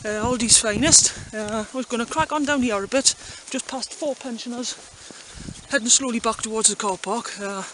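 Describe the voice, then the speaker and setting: In this low-quality walking vlog, a man with an extremely high voice speaks at a moderate pace, cracking dry jokes to the camera as he wanders a rural valley. Heavy wind and outdoor noise come through.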